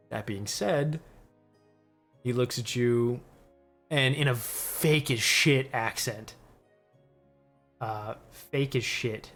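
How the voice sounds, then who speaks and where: A man's voice: medium pitch, a bit bright. A man running a tabletop game as game master, talking casually and laughing often.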